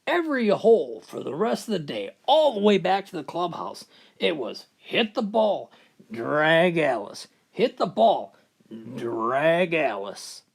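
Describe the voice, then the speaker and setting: A man's voice: a little high, big pitch swings, slow pace, vocal fry, breathy edge, exaggerated voice. A man voicing a grieving older golfer who tells a sad story in a dry, matter-of-fact way. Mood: deadpan.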